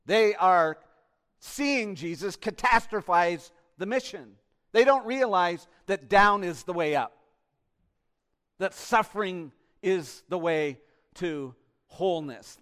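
Rhetorical questions aimed at the congregation punctuate this impassioned sermon from a male pastor with a high-pitched voice, who shifts between booming emphasis and quiet asides.

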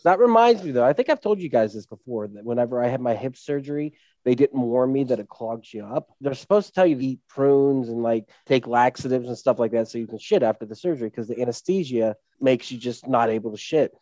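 A man's voice: medium pitch, fairly quick, few pauses, dark tone, no echo. A man in casual podcast chat, joking and profane, telling his own crude story. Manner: joking, profane, laughs often.

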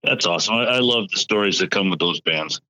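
Male co-host, lowish pitch, crisp bright tone, halting casual delivery. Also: expressive, rough recording. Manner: halting, repeats words as he talks. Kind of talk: casual podcast chat.

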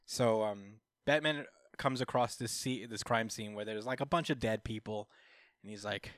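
A man's voice: fairly low pitch, normal speed, no echo, clean studio sound. A young man co-hosting a podcast, casually recapping a comic story in a rambling, filler-heavy way. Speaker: podcast co-host.

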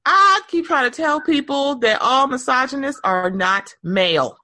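Animated, bright-voiced woman chatting frankly. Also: a little slow, dry recording, studio quality. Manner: animated, laughing, frank and profane, breaks into high mocking voices for quotes. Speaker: podcast co-host. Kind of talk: casual chat.

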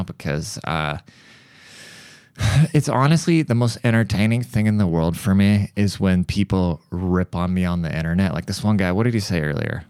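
A man's voice: on the low side, smooth, dry recording, studio quality. A man hosting a podcast, telling crude, profane stories casually and laughing often. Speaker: podcast host. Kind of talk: casual comedic storytelling.

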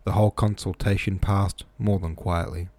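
A man's voice: low-pitched, steady tone, moderate pace, mellow, no echo. A man reading a novel aloud, plain with casual asides, close-miked in a small room. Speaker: reader.

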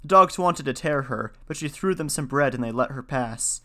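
A man reading a folktale aloud in a steady, measured voice, then talking through it in a casual lecture. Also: medium pitch. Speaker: storyteller and lecturer.

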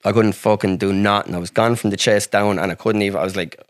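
Fast-talking and steady in tone, a fairly low-voiced Irishman tells a casual, rambling story as a guest on a podcast. Heavy swearing and plenty of "like" run through it, captured in a dry, clean studio recording.

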